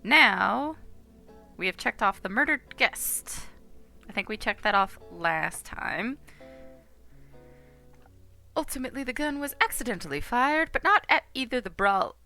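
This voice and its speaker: A woman's voice: a little high, lively intonation, a little slow, creaky, long pauses, sharp tone, faint music behind. Giggly, chatty woman streamer. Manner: chatty, giggly, reads game text aloud. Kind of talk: casual game-playing chat.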